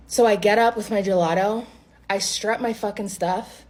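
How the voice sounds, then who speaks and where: A woman with a husky, breathy voice tells a bad-date story straight to the camera. She talks casually and bluntly, with exasperation and plenty of swearing, in an ordinary mid-range pitch. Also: steady tone, normal speed, darkish tone.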